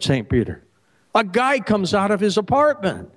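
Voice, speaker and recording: A middle-aged man, a radio host, telling a long joke at a festival stage and acting out each character with sudden pitch jumps. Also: huge pitch swings, moderate pace. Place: festival stage before an audience.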